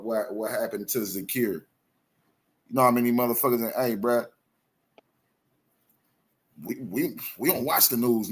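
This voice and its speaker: A man rants through heated, profane commentary on his own live show. He circles back to the same phrases over and over with raw passion. His voice sits at an ordinary middle pitch. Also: breathy edge. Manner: profane, repetitive, impassioned ranting. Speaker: host of a live online show.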